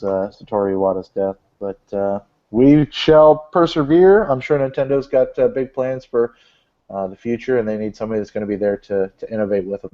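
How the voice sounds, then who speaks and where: A man hosting a casual podcast, reading out gaming news in a rambling, joking way with lots of fillers. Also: lowish voice. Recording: dull lo-fi podcast audio.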